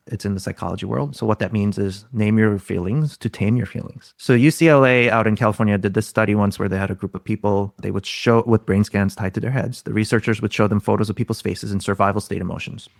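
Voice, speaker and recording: A man's voice: lowish voice, steady tone, fast, creaky, no room sound, studio quality. A man, a guest expert on a podcast, explaining ideas in a teaching tone and often throwing out rhetorical questions. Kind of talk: explaining in an interview.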